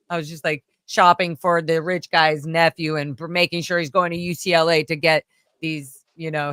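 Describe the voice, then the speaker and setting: A woman's voice: low-pitched, dry recording, studio quality. A woman from California telling a long story in casual chat, rambling with many fillers and acting out the other people's voices. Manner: rambling, animated, full of fillers, acts out voices.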